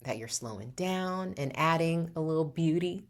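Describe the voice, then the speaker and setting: A woman's voice: sits low, expressive, moderate pace. A woman hosting a motivational show who talks in a playful, theatrical way, calls the listener darling and laughs often. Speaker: podcast host. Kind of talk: upbeat motivational talk.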